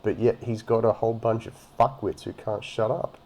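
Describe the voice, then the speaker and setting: A man's voice: fairly low pitch, little pitch movement, moderate pace, heavy background noise. A man giving a profane, mocking rant as he comments on a video. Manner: ranting and mocking, heavy swearing. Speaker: reaction commentator.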